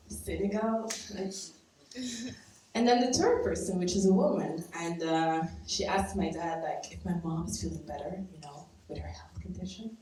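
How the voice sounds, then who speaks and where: Woman storyteller from Belgium, low-ish voice, chatty and wry, recorded live from across a very echoey room. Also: mellow. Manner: casual and conversational, laughing at her own lines. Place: stage at a live storytelling event. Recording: echoey room from far off, faint noise.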